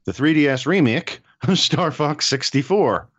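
A man's voice: on the high side, animated, unhurried, slightly rough, no echo. A man co-hosts a casual podcast, speaking in a sardonic, exasperated tone that often turns into a rant. His mid-range voice comes through a slightly muffled, dry recording. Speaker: podcast co-host. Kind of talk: casual chat.

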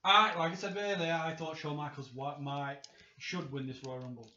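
A man with a Yorkshire accent co-hosting a podcast in a quiet, low-key, mild way. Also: fairly even intonation, normal speed, crowd noise. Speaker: podcast co-host. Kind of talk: casual chat. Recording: echoey room, dull lo-fi sound.

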